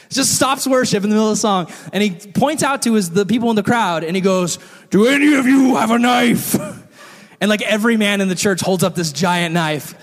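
A man preaching a sermon in a church hall with animated, comic storytelling. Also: sits high, a little fast. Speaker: pastor. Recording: long hall reverb.

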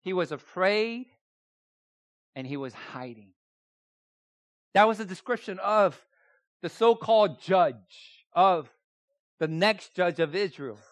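A man's voice: sits high, expressive, slow, pauses often, no room sound. A man preaching a sermon, emphatic and repeating key phrases, often putting rhetorical questions to his listeners. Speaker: pastor.

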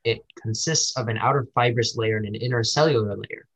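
Husky young man reading a textbook. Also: mid-range voice, a bit bright, poor audio. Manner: reads fast, stumbles on terms, adds joking asides. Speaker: student reading a textbook aloud. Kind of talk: casual study-session reading.

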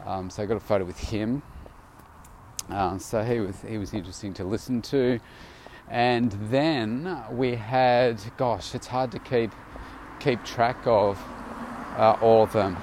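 Tired man, low-pitched, rambling diary talk outdoors with faint city traffic behind. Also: steady tone, unhurried, a little mellow. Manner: rambling, loose, many fillers and restarts. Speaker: vlogger. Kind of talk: casual audio diary.

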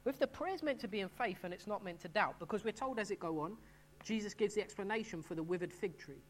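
A man's voice: high voice, animated, fast talker, slight background noise. A middle-aged man preaching a sermon as pastor, talking in a conversational way and often restarting his phrases.

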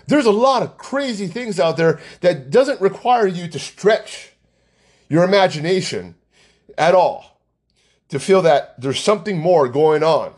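Heated male ranter, pitch high, delivery swings wildly. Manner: agitated, ranting, repeats himself. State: angry. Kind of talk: heated political rant.

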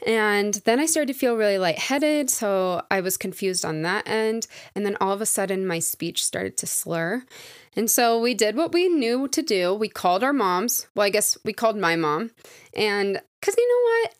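A woman's voice: mid-range voice, lively intonation, normal speed, no echo, studio quality. A woman in her twenties hosting a casual solo podcast, telling a personal story in a candid, reflective way with plenty of "like" fillers. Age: 20s. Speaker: podcast host.

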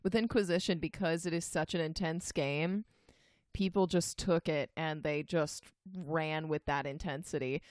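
A woman co-hosting a podcast in relaxed, chatty conversation, laughing easily. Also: low voice, measured pace, no room sound, clean studio sound. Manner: chatty, giggly. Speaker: podcast co-host. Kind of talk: casual chat.

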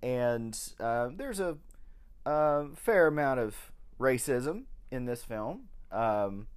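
A man co-hosting a podcast, chatting casually about an old film in a hesitant way, with many pauses and restarts. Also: medium pitch, sing-song, clear, resonant tone. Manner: slow, hesitant, full of ums and restarts. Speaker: podcast co-host.

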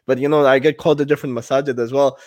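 A man's voice: mid-range voice, steady tone, racing, a little mellow, no room sound. A man of Pakistani background, a podcast host and volunteer imam, earnestly retelling points from his sermon in casual conversation.

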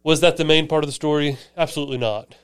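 A man's voice: fairly high pitch, fast, smooth, no echo, studio quality. A man co-hosting a church podcast, chatting casually and enthusiastically about a sermon. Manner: conversational, enthusiastic, explains with asides. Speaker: podcast co-host, church staff.

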